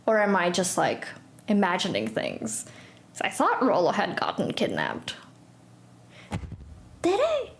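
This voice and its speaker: A woman's voice: a little high, gravelly. A young woman, chatting and giggling through a game stream. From Portugal. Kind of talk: live game stream commentary. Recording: echoey room with faint noise.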